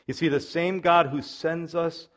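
Preaching man with a fairly high voice. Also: steady tone, unhurried. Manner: preaching with sudden loud rises and soft drops; repeats "listen" and "you see" to the congregation. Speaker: pastor. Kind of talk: sermon.

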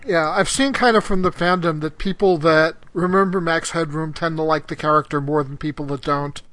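Male co-host, relaxed and amused, slightly high-pitched. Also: fairly quick, no room sound. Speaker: podcast co-host. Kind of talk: casual chat, TV episode discussion.

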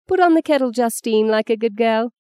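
A woman reading aloud and voicing a stern, commanding elderly grandmother with a brisk, precise way of speaking. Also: on the high side, expressive, darkish tone, clean tone, dry recording, studio quality, pitched above the performer's own voice, close to an everyday voice. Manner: brisk, precise, lightly scolding.

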